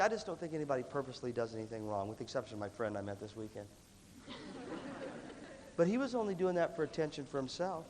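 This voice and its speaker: A man giving an animated live motivational talk to students, often coughing and acting out voices. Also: fairly high pitch. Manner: animated, acts out quoted voices, coughs between phrases. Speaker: motivational leadership speaker. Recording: reverberant hall recording, faint background noise.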